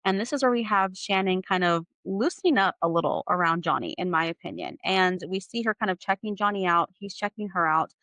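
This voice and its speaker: A woman's voice: medium pitch, brisk, hardly any pauses, fairly bright tone, no room sound, poor audio. A woman hosting a podcast, recapping a novel in an analytical way with many "like" and "you know" fillers. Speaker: podcast host. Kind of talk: book recap discussion.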